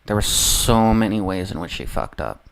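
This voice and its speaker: Profane rambling streamer with a low voice. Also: sing-song, normal speed, gravelly, clear, resonant tone. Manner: heavily profane, rambling, loses train of thought. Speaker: livestreamer. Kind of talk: casual political rant on a livestream.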